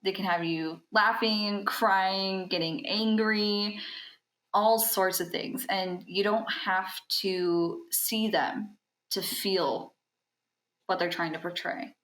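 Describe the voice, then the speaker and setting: Slow-talking young woman in an echoey room. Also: medium pitch. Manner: animated and enthusiastic, with filler ums. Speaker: podcast guest, convention talent handler. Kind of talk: casual interview chat.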